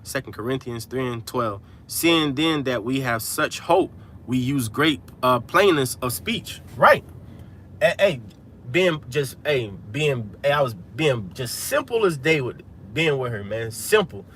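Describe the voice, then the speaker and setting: A livestream host in a vehicle delivers casual, emphatic religious street-preaching, leaning on "man" and "hey." His mid-range voice is expressive, unhurried and fairly bright, with slight background noise.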